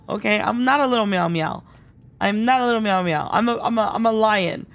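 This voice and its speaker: A woman's voice: a little high, moderate pace, creaky. A woman streaming a game live, chatty and giggly, thinking aloud and answering viewer chat. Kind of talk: live gameplay commentary.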